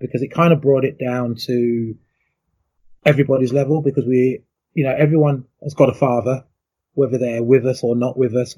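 A man's voice: medium pitch, warm tone, slightly rough. A middle-aged man, a former athlete, telling his story in an interview in a reflective, emotional way with many fillers.

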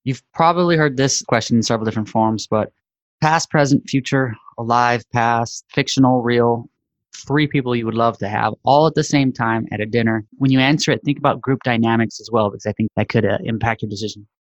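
A man's voice: medium pitch, brisk, no echo, lo-fi sound. A man hosting a casual podcast, asking long, loosely worded questions. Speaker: interviewer.

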